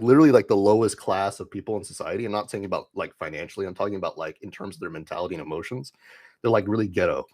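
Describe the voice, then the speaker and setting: Lowish-voiced man rambling dismissively. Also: darkish tone. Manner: rambling, heavy use of "like", dismissive. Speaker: live streamer. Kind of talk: casual ranting to chat.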